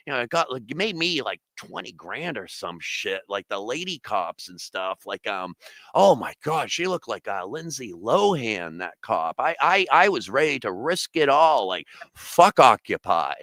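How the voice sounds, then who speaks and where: A man's voice: mid-range voice, no echo. A man from Massachusetts, a comedian and musician, telling rambling, profane stories on a casual podcast. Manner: rambling, profane storytelling, bursts into loud singing.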